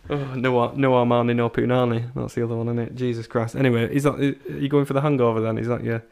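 A man's voice: mid-range voice, little pitch movement, fast talker, creaky, a little mellow, clear, resonant tone. A young man hosting a podcast, telling stories in a chatty way with laughs and stammered restarts. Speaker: podcast host. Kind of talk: casual chat.

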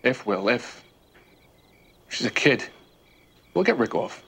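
An actor playing a calm, dismissive co-conspirator who brushes off worries. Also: male voice, medium pitch, slow, vocal fry, breathy edge, heavily acted. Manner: dismissive, reassuring.

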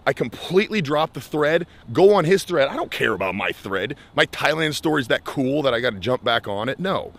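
A young man from the United States tells an advice story with lively energy. He slips into other people's voices when he quotes them. He talks at a middle pitch, in a casual coaching tone. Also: fairly quick, few pauses. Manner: animated, acts out quoted voices. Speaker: life skills coach.

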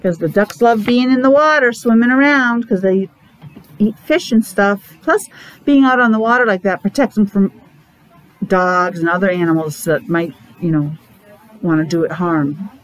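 A woman's voice: medium pitch, normal speed, poor audio. A woman teacher reading a picture book aloud to young children, stopping often to explain the story. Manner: animated storytelling, stops to explain to young listeners.

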